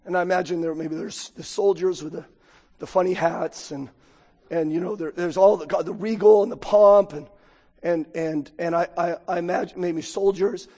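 A man's voice: high-pitched, steady tone, moderate pace, warm tone. A man preaching a sermon as pastor, chatty and joking, often asking the congregation "right?". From United States. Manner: conversational, joking, keeps asking the crowd "right?". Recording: long hall reverb.

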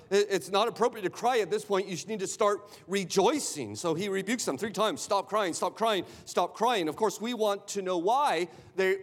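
A male pastor giving a conversational sermon, often asking rhetorical questions and repeating words as he goes. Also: fairly high pitch. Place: church sanctuary. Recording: long hall reverb.

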